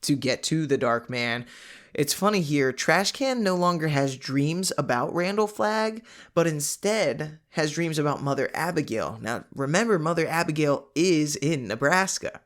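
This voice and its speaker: A man's voice: on the high side, unhurried. Man casually recapping a novel. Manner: conversational, animated asides, frequent fillers. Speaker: podcast host.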